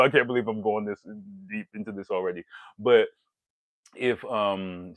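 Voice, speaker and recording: A man's voice: fairly low pitch, dry recording. A man giving frank, rambling dating advice to camera, laughing and breaking off mid-thought. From lives in Japan. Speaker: vlogger on dating in Japan. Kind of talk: casual talk to camera.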